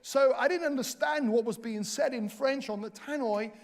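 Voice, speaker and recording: A man preaching in a church, telling a self-mocking travel story with lively humor. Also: very high voice, moderate pace. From Wales. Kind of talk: storytelling sermon. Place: church hall.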